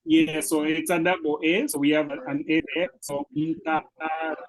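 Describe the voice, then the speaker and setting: A man's voice: a little high, fairly even intonation, moderate pace, low-quality recording. A man with a Kenyan accent teaching Swahili, explaining words patiently and encouraging his student, with lots of fillers. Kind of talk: patient one-on-one language lesson.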